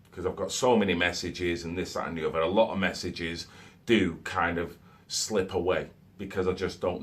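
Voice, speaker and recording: A vlogger talks to the camera in a casual, loose monologue, dropping in "okay?" and "so to speak" as he goes. His voice sits low with a fairly bright tone.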